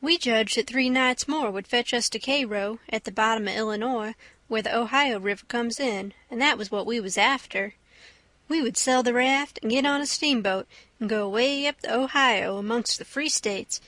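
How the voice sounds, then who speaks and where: A woman reading an audiobook in a steady storytelling manner. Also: on the high side, moderate pace, no echo. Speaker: audiobook narrator. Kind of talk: audiobook narration.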